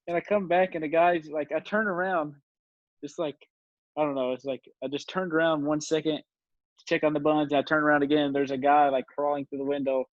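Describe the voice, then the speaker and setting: A man's voice: on the high side, little pitch movement, fairly quick, no room sound. A man in his twenties, a podcast guest, telling stories in a rambling, casual way, laughing often and using lots of fillers. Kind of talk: casual storytelling chat. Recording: dull, dry lo-fi recording.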